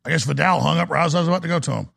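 A man hosts a live call-in talk show and rants with fiery, rapid-fire energy. His voice is deeply gravelly and raspy. It sits high for a man. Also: a bit bright.

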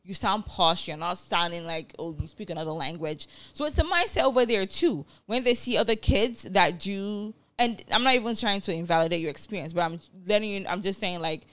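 A woman's voice: mid-range voice, animated, brisk, few pauses, fairly bright tone. A woman from Nigeria co-hosting a podcast in casual, emphatic chat, often asking "you know what I'm saying". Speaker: podcast co-host.

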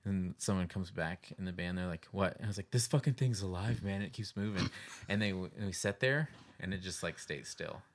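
A man in casual chat, telling a story in an animated way and acting out the lines of people in it. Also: sits low, a little fast. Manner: animated, laughing, acts out quotes with yells.

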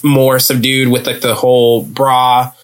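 A man hosting a podcast episode, reviewing in a gushing, casual way with lots of fillers, restarts and repeated phrases. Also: unhurried. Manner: lively pitch jumps when excited. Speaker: podcast host. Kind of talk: casual solo review chat.

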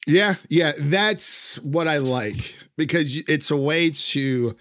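A man's voice: fairly high pitch, lively intonation, slow, a bit bright, no echo, studio quality. A man chatting casually about a film, rambling with many fillers and frequent laughs. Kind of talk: casual film review chat.

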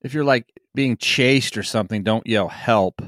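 A man's voice: mid-range voice, moderate pace, dry recording, clean studio sound. A man co-hosting a casual podcast chat, joking and laughing often. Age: adult parent. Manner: jokey, laughs often, animated. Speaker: podcast co-host.

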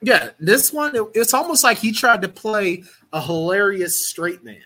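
Man, podcast co-host, casual chat, bright tone, slightly husky. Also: high-pitched, moderate pace, low-quality recording.

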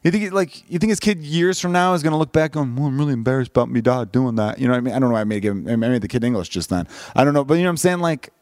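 A man's voice: fairly high pitch, expressive, very fast, hardly any pauses, a little mellow, dry recording, studio quality. A man hosting a podcast in casual chat, rambling and profane, often restarting his sentences. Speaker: podcast host.

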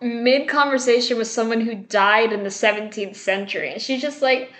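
A woman's voice: on the high side, moderate pace, echoey room. A young woman in casual conversation, retelling a film scene by scene, acting out the characters' lines, swearing and laughing. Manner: animated, acts out quotes, swears, laughs. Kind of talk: casual movie discussion chat.

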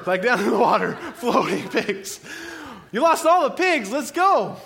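A male preacher tells a scripture story as if it were a film, scene by scene. His voice sits high for a man, and he lingers on dramatic pauses. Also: a bit bright. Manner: vivid, cinematic retelling with dramatic pauses.

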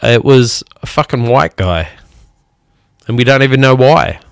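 With a gravelly, mid-range voice and lively intonation, a non-American musician hosting a podcast rants angrily. He's blunt and swears constantly, punctuating it with heavy sighs. The recording is dry and studio quality.

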